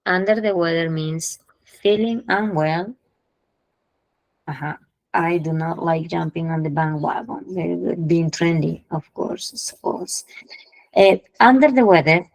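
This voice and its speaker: A woman runs an English lesson, moving between English and as she explains idioms. Her voice sits fairly low with a gravelly edge, and the sound is dry and close. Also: a little mellow, no echo, rough recording. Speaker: English teacher.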